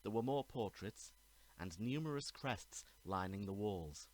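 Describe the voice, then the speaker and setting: Low-voiced man reading a story aloud. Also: poor audio. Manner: measured, even narration. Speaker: author reading his story.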